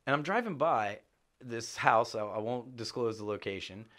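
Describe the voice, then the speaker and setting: A middle-aged man chatting as a podcast guest, an animated storyteller who swears for emphasis and jumps up in pitch when excited. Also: normal speed. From Chicago area. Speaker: podcast guest, real estate agent. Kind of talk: casual chat.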